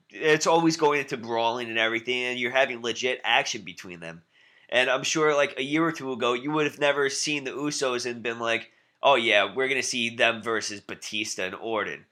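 Bright-voiced excitable man co-hosting. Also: mid-range voice. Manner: enthusiastic, stumbling restarts. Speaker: podcast co-host. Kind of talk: casual wrestling chat.

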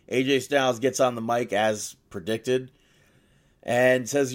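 A man co-hosting a casual chat podcast, rambling and halting, with frequent laughter. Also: mid-range voice. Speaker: podcast co-host.

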